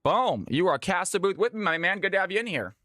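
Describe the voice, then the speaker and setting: A man's voice: sits high, animated, fast talker, pushed and bright, dry recording, studio quality. A man from Georgia in the US, hosting a live stream and calling custom games with a hyped announcer delivery. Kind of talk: live game commentary.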